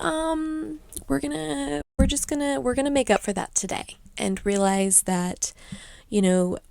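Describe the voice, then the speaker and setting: A woman's voice: mid-range voice, vocal fry, a little mellow, no echo. A young woman hosting a podcast, rambling through a chatty story in a casual way. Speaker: podcast host. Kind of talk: casual chat.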